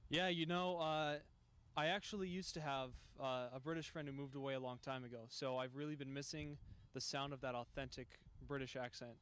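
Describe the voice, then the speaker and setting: A young student speaking earnestly, with mock disappointment, in an interview. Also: male voice, medium pitch, steady tone, a little fast, fairly bright tone, clear, resonant tone. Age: young adult. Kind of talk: casual interview.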